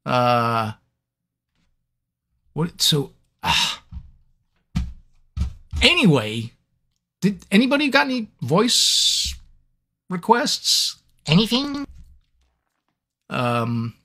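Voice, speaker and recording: In a casual fan Q&A livestream, a male voice actor at a microphone rambles and jokes about his scattered mind. His voice sits high and sounds pushed and bright, with wildly swooping pitch, drawn-out words, and frequent pauses, all delivered in a self-mocking way.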